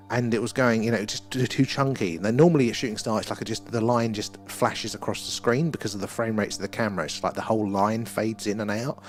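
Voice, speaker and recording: A man hosting a night-time live stream outdoors, rambling excitedly and chatting with viewers. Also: mid-range voice. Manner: excitable, rambling, talks to chat viewers by name. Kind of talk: live-stream chat and sky-watch commentary.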